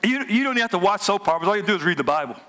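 A man preaching a lively, joking sermon in casual everyday speech and talking back and forth with a live audience. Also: sits high, racing, noisy background. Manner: animated, joking, colloquial, talks with the audience. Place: hotel event room before a live audience.

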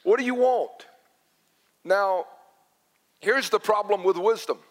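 A man with a high-pitched voice delivers a sermon in a church sanctuary. He moves between storytelling and emphatic repetition of his key points. His words carry a long reverb from the large hall. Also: slow. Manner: storytelling, emphatic with repeated phrases. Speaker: pastor.

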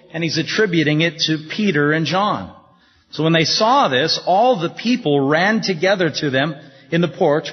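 A husky man preaching a sermon, building emphasis through rhetorical questions. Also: fairly high pitch. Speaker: pastor. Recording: dull echoey hall recording.

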